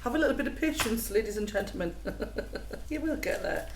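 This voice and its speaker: A woman's voice: mid-range voice, animated, a little fast, creaky. A woman hosting a casual home cooking vlog, chatty and self-mocking with frequent giggles. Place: home kitchen. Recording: echoey room, noisy background.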